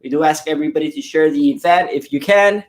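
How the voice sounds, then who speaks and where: Give me an eager, rambling online host. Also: male voice, fairly high pitch, quick pace. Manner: eager and rambling, with many fillers and restarts. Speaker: webinar host. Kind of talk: casual live-stream hosting.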